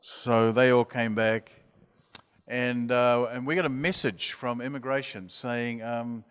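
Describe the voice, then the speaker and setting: A man's voice: mid-range voice, steady tone, unhurried, fairly bright tone, clean tone. A man preaching as a youth mission leader, telling an anecdote in a chatty way and acting out voices. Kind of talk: storytelling sermon. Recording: long hall reverb.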